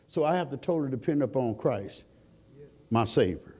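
A man's voice: mid-range voice, expressive, moderate pace, mellow, husky. A man preaching a sermon in call-and-response style, asking the congregation questions and climbing to fervent peaks.

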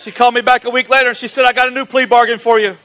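A man's voice: very high voice, flat delivery, racing, bright, forceful tone, low-quality recording. A male pastor preaching, telling his story with acted-out dialogue in a folksy, emphatic way. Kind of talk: sermon testimony storytelling.

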